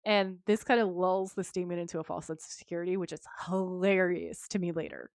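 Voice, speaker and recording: A woman co-hosting a podcast, recapping an episode in casual chat and acting out the characters' lines with quick shifts of voice. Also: on the low side, animated, no room sound, clean studio sound. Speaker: podcast co-host.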